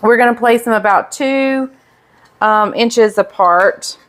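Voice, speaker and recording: A woman's voice: a little high, takes it slowly. A middle-aged woman with a Southern US accent, chatting casually as she bakes on her home cooking vlog. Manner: chatty, relaxed, talks viewers through steps. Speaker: vlog host baking.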